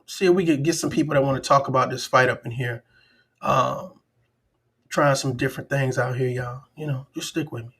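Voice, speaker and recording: Husky animated man hosting a livestream. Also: a little high. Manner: animated, acts out voices of others. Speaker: livestream show host. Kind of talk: casual live-stream commentary.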